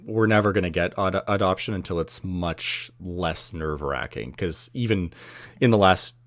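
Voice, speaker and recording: A man's voice: sits low, moderate pace, no echo. A man hosting a podcast in casual chat, mostly offering brief dry interjections.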